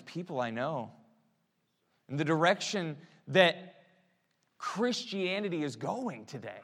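A man preaching a sermon, swinging from hushed, quiet prayer to loud, emphatic exhortation. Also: on the high side. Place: church sanctuary. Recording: long church reverb.

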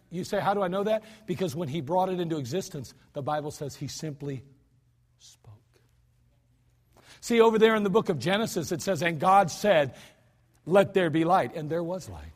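High-voiced man preaching a sermon. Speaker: pastor. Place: church sanctuary.

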